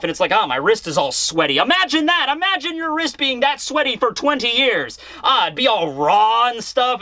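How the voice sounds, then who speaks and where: A man giving a casual, excitable, rambling comic recap with mild swearing. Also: high voice, dry recording. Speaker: manga reviewer.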